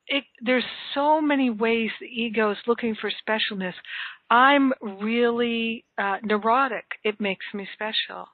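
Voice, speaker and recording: A woman's voice: fairly high pitch, a little slow, dry recording. Woman telling a story over a phone line. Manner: warm reflective storytelling with fillers. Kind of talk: casual spiritual conversation. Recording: tinny phone line, dry.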